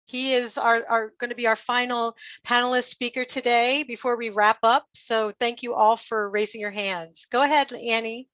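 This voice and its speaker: A woman's voice: a little high, steady tone, normal speed, hardly any pauses, fairly bright tone, dry recording. A woman hosting an online panel, upbeat and encouraging as she introduces speakers. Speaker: host. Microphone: video call. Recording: dull lo-fi call audio.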